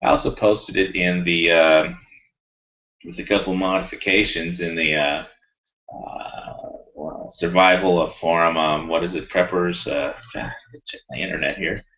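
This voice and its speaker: A man's voice: low-pitched, steady tone, a little slow, lo-fi sound. A man ranting heatedly in a rambling, profane way and reading his own forum post aloud. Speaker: video blogger.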